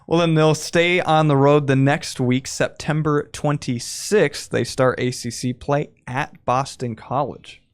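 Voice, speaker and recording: Man briskly reading a schedule rundown. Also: a little high, steady tone, clean tone. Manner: brisk, steering the discussion. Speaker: podcast host walking through the schedule.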